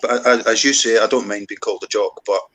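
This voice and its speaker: A Scottish man telling stories in casual chat, lively and swearing freely. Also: lowish voice, fast talker. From Scotland. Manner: animated, swearing, storytelling. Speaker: co-host.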